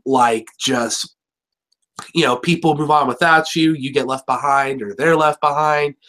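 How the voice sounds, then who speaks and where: A man's voice: mid-range voice, a bit bright. Rambling, jokey young man reviewing. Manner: rambling, jokey and profane, full of fillers. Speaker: show host reviewing an episode. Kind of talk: casual chat.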